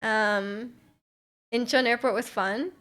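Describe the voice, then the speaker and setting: A woman's voice: a little high, fairly even intonation, takes it slowly, a bit bright. Giggly young woman, rambling stream chat. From Canada. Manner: rambling, filler-heavy, giggly asides. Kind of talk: casual chat reading viewer messages.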